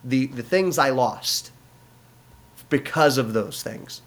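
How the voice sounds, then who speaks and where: A man's voice: mid-range voice, slow. A middle-aged man from the United States, a pastor, telling his personal testimony in an interview, earnest and full of restarts and fillers.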